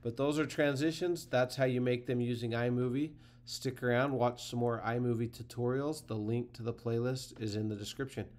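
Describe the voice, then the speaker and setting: A man hosting a casual software tutorial, talking through the steps relaxed and thinking aloud as he clicks. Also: mid-range voice, moderate pace, few pauses. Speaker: tutorial host.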